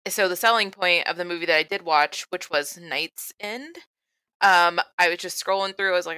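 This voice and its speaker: Woman podcast co-host, lowish, smooth and resonant, casual and hesitant. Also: moderate pace, sharp tone, dry recording. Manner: chatty, hesitant fillers.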